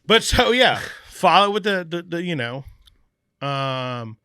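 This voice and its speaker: A man's voice: fairly high pitch, measured pace, clear, resonant tone, no room sound, clean studio sound. A man telling a long story in casual podcast talk, acting out the voices of people he quotes and swearing casually. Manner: animated, acts out quoted dialogue, swears casually. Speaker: podcast guest, brewery owner.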